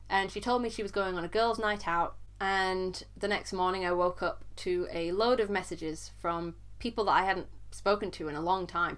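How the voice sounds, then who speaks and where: A young woman vlogger telling a personal story in an earnest, halting way, sometimes repeating words as she struggles to go on. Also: medium pitch.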